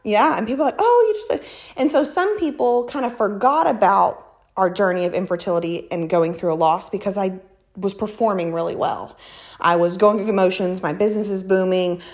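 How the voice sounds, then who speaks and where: A woman's voice: mid-range voice, fairly quick. A woman speaking as an interview guest, emphatic and faith-filled, slightly out of breath. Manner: emphatic, faith-filled, acts out quoted voices. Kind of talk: casual conversational interview.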